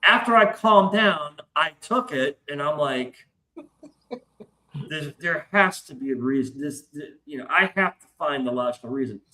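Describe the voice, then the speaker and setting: A podcast host with a fairly high, sharp voice and lively intonation speaks at a moderate pace. He tells a story casually and profanely, acting out the voices in his quotes, and the recording has a roomy echo.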